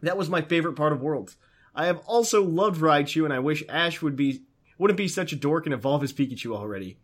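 A man's voice: fairly high pitch, expressive, brisk. A man co-hosting a casual podcast, reading listener mail in a laid-back, jokey way. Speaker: podcast co-host.

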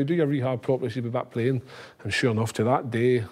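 A Scottish man rattles through a story at a quick clip in a slightly husky voice. He talks casually as a guest, switching into other people's voices when he quotes them. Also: mid-range voice. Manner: animated, acts out quoted voices. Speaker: former footballer, podcast guest.

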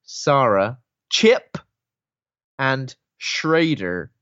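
A British man in casual chat about a film, jokey and quick with silly voices. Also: medium pitch, lively intonation, fairly bright tone, smooth, dry recording. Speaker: podcast co-host. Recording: slightly dull, dry sound.

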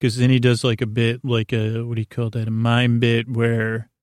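A man's voice: mid-range voice, completely flat delivery, normal speed, darkish tone, smooth, dry recording, studio quality. A man hosting a podcast, telling a meandering story in a casual monologue and searching for words as he goes. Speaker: podcast host.

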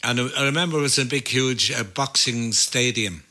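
A man's voice: medium pitch, normal speed, sharp tone. Older Irish man telling stories. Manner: rambling, many fillers and restarts. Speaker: musician recalling gigs. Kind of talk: storytelling in casual chat.

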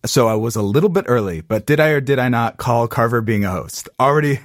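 A podcast co-host chats casually over a video call, recapping a TV episode with quick asides and playful quoted voices. His mid-range voice is recorded cleanly in studio quality with no echo.

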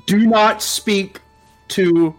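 Guy voicing a stressed club owner, sighs a lot, kinda high voice. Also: fairly even intonation, drawn-out words, soft background music. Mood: stern. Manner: exasperated, scolding, sighing. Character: harried male club owner, exasperated.

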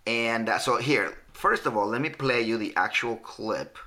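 A man in casual podcast chat who often restarts sentences and paraphrases quickly. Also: medium pitch, expressive, sharp tone.

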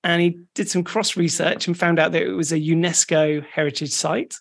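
Relaxed podcast co-host recapping updates. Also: medium pitch, normal speed, vocal fry. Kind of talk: casual chat.

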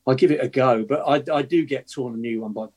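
A man's voice: mid-range voice, fairly quick, a crowd in the background. A middle-aged man, an actor, telling rambling anecdotes in casual chat with restarts and laughter. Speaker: actor guest on football podcast.

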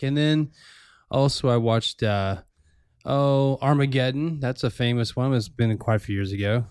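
A man's voice: mid-range voice, measured pace, darkish tone, clean tone, no echo, clean studio sound. A man hosting a radio show in casual chat, joking and rambling, breaking off his own sentences. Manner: joking, rambling, self-interrupting.

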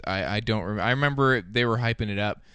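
A man's voice: on the low side, fast, bright, forceful tone, clear, resonant tone, dry recording. A man in casual chat as a podcast co-host, chatty and reading out lists with easy laughs.

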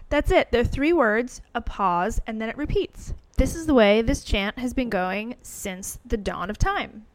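A woman hosting her own show in a casual, animated monologue, opinionated and full of wry asides. Her voice sits fairly high. The sound is dry and close, with no room around it. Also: measured pace, hardly any pauses, no echo. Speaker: podcast host.

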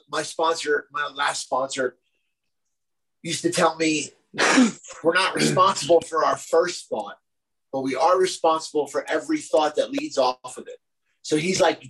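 An earnest man talking casually on a podcast, his voice sitting a little higher than most men's. His speech is loose and slangy, packed with "like," "dude" and "bro.". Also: gravelly, fairly bright tone, a little hiss or hum, poor audio. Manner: slangy, filler-heavy, full of "dude" and "bro"; earnest, talks about recovery.

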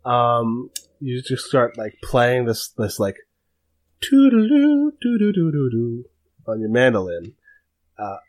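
A man's voice: mid-range voice, fairly even intonation, measured pace. A man narrating as game master of a tabletop game, hesitant and full of fillers.

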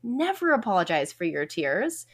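A woman therapist appears as a guest on a casual podcast. Her pitch sits in a middle range, and she gives her encouragement with passionate emphasis. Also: big pitch swings, normal speed. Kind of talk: casual chat.

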